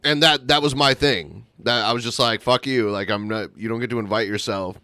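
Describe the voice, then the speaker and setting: A man's voice: mid-range voice, brisk, pushed and bright, no room sound. A man co-hosting a casual podcast, speaking bluntly and profanely. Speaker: podcast co-host.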